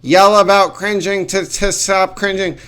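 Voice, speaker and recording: A man's voice: high voice, steady tone, a little slow, fairly bright tone, clean tone. A man doing reaction commentary on a clip, sarcastic and exasperated, swearing often.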